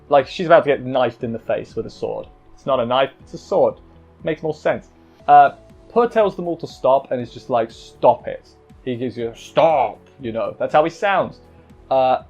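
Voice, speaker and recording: A man's voice: a little high, a little mellow, muffled recording. A man talking through an anime episode review in a rambling, chatty way, often stopping to correct himself. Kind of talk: casual spoken review.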